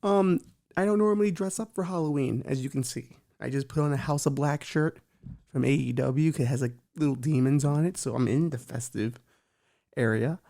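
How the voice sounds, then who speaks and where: A man's voice: on the high side, normal speed, creaky, mellow. Profane, joking man hosting a comedy show. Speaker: host. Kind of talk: comedic talk-show monologue.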